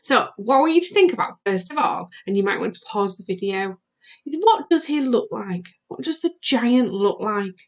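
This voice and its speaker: A primary school teacher recording a video lesson for young children, asking questions in a sing-song way. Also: female voice, medium pitch, expressive, normal speed.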